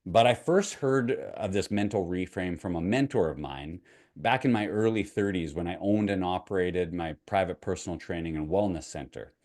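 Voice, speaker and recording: A man's voice: deep voice, normal speed, a little mellow. A middle-aged Canadian man, a mindset coach, telling a parable and personal story in a conversational, motivational way to camera. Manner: conversational, asks the viewer questions, retells a parable.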